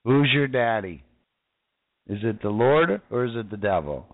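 A man with a mid-range, expressive voice preaches casually at a moderate pace, reading scripture aloud and fervently calling out to his listeners. He's exclamatory and addresses them directly. The recording is dry and sounds like it's over a phone.

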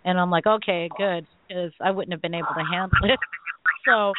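Animated middle-aged woman on a phone line. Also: fairly low pitch, fairly quick, noisy background. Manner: animated storytelling, laughing often. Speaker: radio show host. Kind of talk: call-in radio chat. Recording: tinny phone-line sound.

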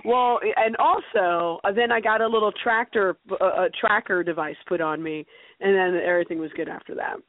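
A woman's voice: mid-range voice, steady tone, normal speed, no echo. A woman guest on a chat show, laid-back and teasing. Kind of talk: casual chat. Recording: tinny phone-line audio.

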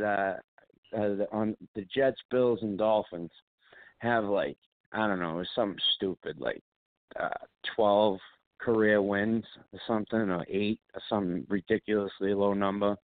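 Ranting sports-talk host on a tinny line. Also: male voice, lowish voice, unhurried, dry recording. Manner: profane, ranting, mimics others in quotes. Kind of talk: casual sports radio banter.

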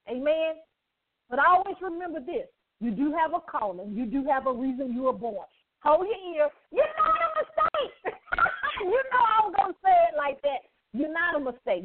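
A high-pitched woman hosts a faith talk show with exuberant, preachy energy and frequent laughter. Her voice comes through thin and narrow, like a phone line. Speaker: radio show host. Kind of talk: Christian radio talk show.

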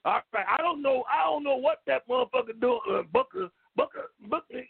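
A very high, gravelly voice of a brash, hot-tempered old man, put on by a man for a comedy bit. He shouts, curses and trips over his own restarts as he rambles. It all comes through a thin, phone-like line. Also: animated, brisk, dry recording, full character voice. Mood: blustering. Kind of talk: comedic call-in character bit.

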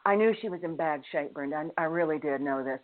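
A woman's voice: low voice, quick pace, crowd noise. A middle-aged woman author telling a personal story in an interview, earnest and given to laughing. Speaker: guest author. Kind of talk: interview over the phone. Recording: tinny phone line.

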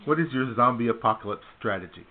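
A man hosts a casual talk radio show, firing off upbeat quiz questions and laughing easily. His mid-range voice is expressive and fast, with a tinny, phone-like sound.

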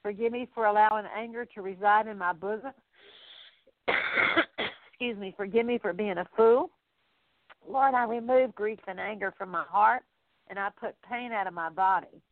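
Female minister, earnest repentance prayer in litany form; mid pitch, dry phone-line sound. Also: moderate pace, pauses often, dry recording. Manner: earnest, repetitive litany-like pleading.

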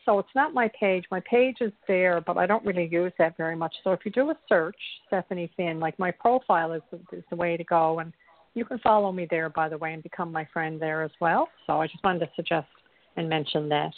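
A woman from Newfoundland with a Newfoundland accent, giving calm, gentle spiritual advice on a call-in show. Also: on the low side, fairly quick, dry recording. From Newfoundland, Canada. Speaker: spiritual show guest host. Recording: dry tinny phone line.

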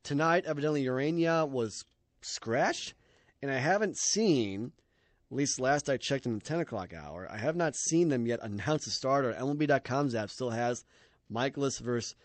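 A man hosting a casual sports radio talk show, brisk and joking with his guest. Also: mid-range voice, lively intonation, dry recording. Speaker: radio host.

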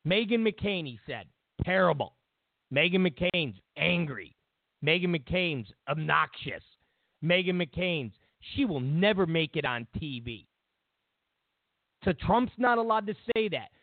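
A man's voice: a little high, animated, takes it slowly, dry recording. Male talk radio host, mocking rants, dry and phone-thin sound. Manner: ranting, mocking, repetitive. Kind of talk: talk radio political commentary. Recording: tinny phone line, dry.

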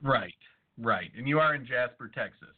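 A man's voice: mid-range voice, lively intonation, normal speed, husky. A man hosting a podcast, trading crude, irreverent jokes in casual banter. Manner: irreverent, profane, joking. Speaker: podcast host. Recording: tinny phone-like audio.

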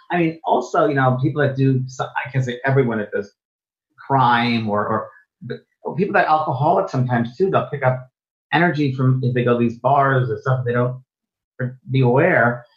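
Earnest man in a lo-fi interview. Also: medium pitch. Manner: earnest, often repeats and restarts phrases. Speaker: interview guest, spiritual medium and teacher. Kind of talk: casual interview chat. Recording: dull, lo-fi sound.

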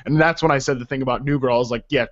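A man's voice: medium pitch, steady tone, very fast. A man hosting a casual podcast conversation, rambling with many restarts. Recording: dull, muffled lo-fi sound.

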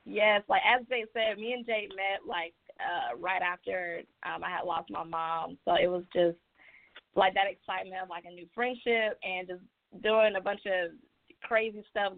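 A young woman, the author being interviewed, speaking softly with many fillers. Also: medium pitch, fairly even intonation, measured pace, creaky. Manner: soft-spoken, uses many fillers. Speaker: author guest. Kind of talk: casual interview chat. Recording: tinny phone-line sound, dry.

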